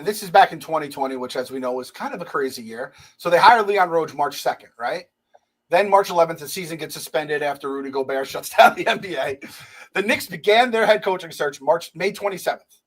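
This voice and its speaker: A man co-hosting a sports podcast in casual chat, profane and excitable, acting out other people's quotes. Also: a little high, moderate pace. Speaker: podcast co-host.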